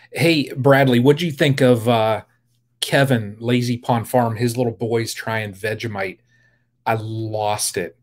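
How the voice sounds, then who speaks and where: Male beekeeper hosting a live chat, unhurried, rambling, mid-pitched, friendly greetings to viewers. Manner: rambling, greets viewers by name, many fillers. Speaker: beekeeper livestream host. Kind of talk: casual live-stream chat.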